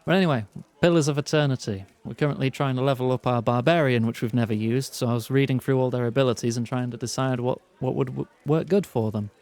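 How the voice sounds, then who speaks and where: A man's voice: medium pitch, fast, few pauses. A man streaming a game, chatting and laughing with viewers and reading ability text aloud. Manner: bursts of excited greetings to chat. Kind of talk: casual game commentary.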